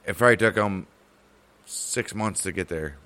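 Male co-host, low register, profane, rambling storyteller who slips into character voices. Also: moderate pace, pushed and bright. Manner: rambling, profane, acts out imagined dialogue. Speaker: podcast co-host. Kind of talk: casual history podcast banter.

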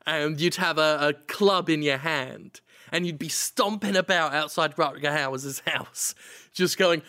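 Bright, high-voiced man riffing. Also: fairly even intonation, normal speed, smooth. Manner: spins absurd bits, acts out silly voices. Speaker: podcast co-host. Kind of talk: casual comedic chat.

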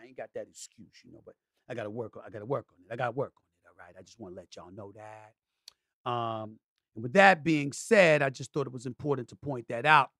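A middle-aged man hosting a sports talk show, talking emphatically and repeating himself, with sudden loud, excited outbursts. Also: mid-range voice, no echo, studio quality. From New York City. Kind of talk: casual monologue.

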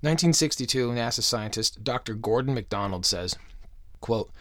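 A man's voice: on the low side, a little fast, fairly bright tone, no room sound, studio quality. Foul-mouthed man ranting on a podcast. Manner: crude, swearing constantly, mocking, jokey asides. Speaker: podcast host. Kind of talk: profane conspiracy podcast monologue.

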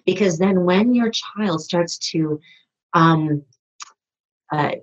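A woman's voice: fairly low pitch, slow, highs cut off. A woman speaking as a podcast guest in a rambling, conversational way, often restarting her sentences. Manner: rambling, with many restarts and fillers. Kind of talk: conversational interview.

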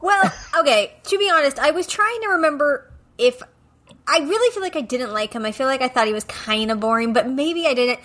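A woman's voice: high-pitched, lively intonation, brisk, a bit bright. A woman chatting casually, musing aloud and unsure of what she once felt. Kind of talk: casual chat.

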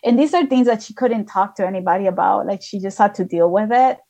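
A woman with a middle-pitched voice tells personal stories as a podcast guest. Her talk is chatty and loose, full of "like" fillers, and she comes from outside the United States. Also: fast, dark tone. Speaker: guest, spiritual healer and channeler. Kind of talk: casual conversational storytelling.

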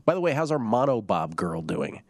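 A man's voice: fairly low pitch, dry recording, clean studio sound. A man hosting a sports betting talk show, chatting casually and joking between segments. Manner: lively, joking, quick asides. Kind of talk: casual radio show chat.

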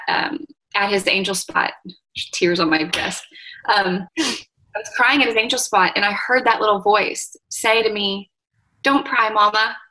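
Woman, 30s, interview guest; gentle, reflective delivery, bright tone. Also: medium pitch, low-quality recording. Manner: soft-spoken, tender, reflective with pauses and fillers. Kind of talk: emotional interview conversation.

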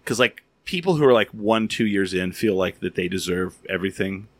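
A man with a lowish voice hosts a casual chat and rambles through stories with constant "like"s. He sounds animated and loose. His voice is recorded dry and close. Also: a little fast, no echo. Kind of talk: casual storytelling and interviewing.

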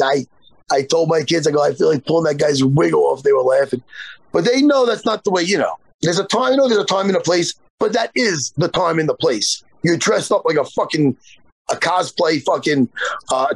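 A man's voice: high voice, gravelly, husky, no echo. A man in his forties, a jiu-jitsu instructor, telling a story in casual podcast chat and swearing freely. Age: 40s.

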